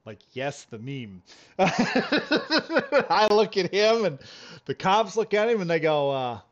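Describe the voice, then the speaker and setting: A man streaming a game while telling a long, animated story with lots of laughs and restarts. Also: sits high, slow pace, dull audio. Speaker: gaming streamer. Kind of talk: casual storytelling on a live stream.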